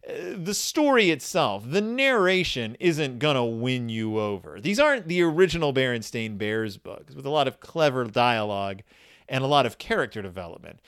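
A man's voice: mid-range voice, sing-song, normal speed, a bit bright, clear, resonant tone. A man casually reviewing a children's book on his own, rambling and wry.

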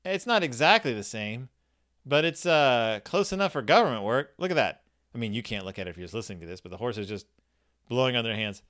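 Male reviewer, casual solo chat, rambling and wry, animated delivery. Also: medium pitch, quick pace. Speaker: book reviewer.

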